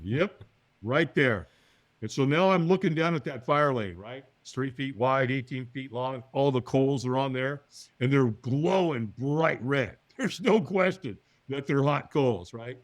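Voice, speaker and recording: A man telling a personal story as a podcast guest, acting out the other people's lines in higher voices and often checking in with "right?". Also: a little slow, no room sound. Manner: acts out quoted voices, often with a higher pitch; lively, talks to the listener with "right?".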